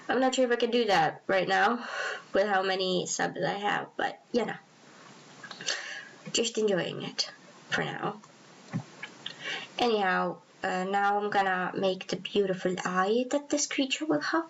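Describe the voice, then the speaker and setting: A woman chats her way through a sketch in a slow, meandering drawing tutorial, rambling and poking fun at herself. Her pitch sits in a middle range for a woman. The recording is a little muffled and lo-fi, with faint background noise. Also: expressive, creaky. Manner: rambling, chatty, self-deprecating. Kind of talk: casual drawing commentary. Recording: slightly dull lo-fi recording.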